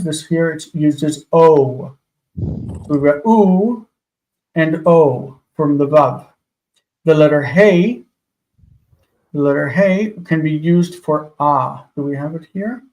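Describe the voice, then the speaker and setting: Patient man sounding out words slowly. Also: on the high side, darkish tone, low-quality recording. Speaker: Hebrew teacher. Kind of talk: live online class teaching.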